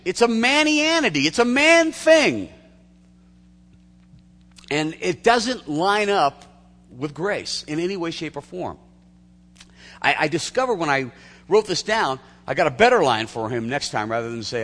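A man preaching a sermon as a pastor, telling stories in an animated way with restarts and laughter. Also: on the high side, normal speed, long reverb tail.

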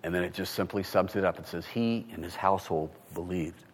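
A man preaching a sermon, animated, asking rhetorical questions and swinging from hushed tones to loud. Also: sits low, fairly quick, slightly rough. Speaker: pastor. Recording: long hall reverb.

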